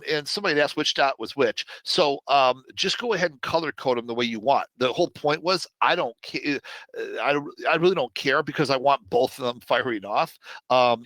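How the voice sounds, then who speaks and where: A man's voice: mid-range voice, a bit bright, dry recording. A man hosting a live trading webinar, talking casually to viewers with lots of fillers and asides.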